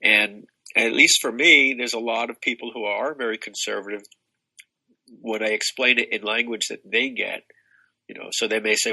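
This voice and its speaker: A man's voice: on the low side, fairly even intonation, normal speed, vocal fry, sharp tone, breathy edge, rough recording. An older man talking as a spiritual teacher guest in an expansive, rambling way, with many restarts. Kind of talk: casual spiritual conversation.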